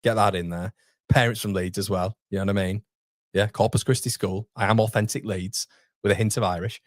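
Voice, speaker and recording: Yorkshire man, 30s, chatty fan-channel host, slightly low voice, dry mic. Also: fairly even intonation, fairly quick, no room sound. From England. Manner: chatty, reads out chat messages, calls everyone mate. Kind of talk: casual live watchalong chat.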